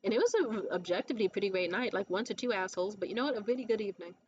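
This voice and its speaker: A woman's voice: mid-range voice, very fast. Woman venting on camera, swears a lot, kinda dull audio w faint hiss. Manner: blunt, profane, animated storytelling. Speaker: comedy show producer. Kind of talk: casual rant to camera.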